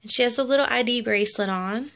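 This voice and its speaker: A young woman vlogger unboxes a doll in casual commentary, cooing and gushing over it and repeating her exclamations. Her voice is fairly high and a bit bright, and she talks fast.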